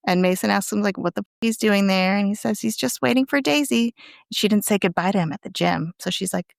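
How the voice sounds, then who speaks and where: A woman's voice: mid-range voice, fairly quick, vocal fry, dry recording, studio quality. A woman co-hosting a podcast, casually retelling an episode's plot and acting out the characters' lines. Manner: animated retelling with quoted lines. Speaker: podcast co-host recapping an episode. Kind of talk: casual recap chat.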